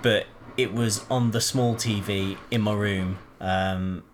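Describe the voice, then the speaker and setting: A man co-hosting a casual podcast chat, laid-back and halting. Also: on the low side, steady tone, a little hiss or hum. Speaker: podcast co-host.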